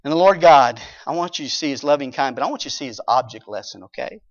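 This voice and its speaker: Animated male preacher, lo-fi sermon. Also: medium pitch, quick pace, dry recording. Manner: animated storyteller, acts out characters, chuckles. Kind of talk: sermon with scripture reading. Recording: dull lo-fi recording.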